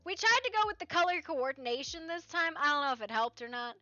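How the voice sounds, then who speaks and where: Bright rambling woman streamer. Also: high voice, fast talker, dry recording. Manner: rambling, animated, asks "right?" often. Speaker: roleplay streamer. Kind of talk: casual stream chat. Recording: slightly dull stream mic with faint music.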